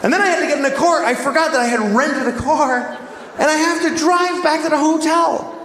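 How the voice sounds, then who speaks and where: A man doing stand-up comedy, telling an excitable, rambling story. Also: very high voice, fairly quick. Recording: echoey hall, audible noise.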